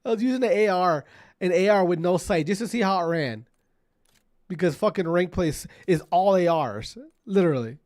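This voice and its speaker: A man whose voice sits high with a darkish tone streams gameplay at normal speed. In his casual commentary he rants at teammates with profanity and repeats himself, over gunfire from the game.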